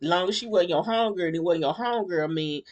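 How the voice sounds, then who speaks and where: A woman vlogger giving a casual, blunt commentary on a reality show, rambling and animated with slang and many restarts. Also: on the low side, fairly quick. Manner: blunt, fired-up opinions.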